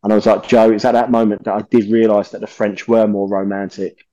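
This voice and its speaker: A man, a podcast guest telling stories in a lively, swearing way and acting out the voices of people he quotes. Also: on the low side, fast, no room sound, lo-fi sound. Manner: animated, swears often, acts out quoted voices. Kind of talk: casual storytelling interview.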